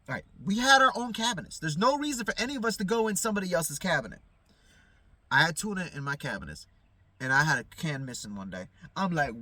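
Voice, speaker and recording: A man's voice: high-pitched, very animated, fairly quick, sharp tone, no echo. A man telling a heated, profanity-laden story, rambling with fillers, while sitting in a car at night. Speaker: vlogger. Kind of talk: casual storytelling to camera. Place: inside a parked car at night.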